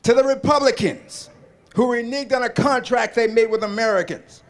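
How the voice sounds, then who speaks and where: High-voiced man giving a fiery rally speech. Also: moderate pace. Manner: impassioned, rhetorical, leads call-and-response chants. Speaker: rally speaker.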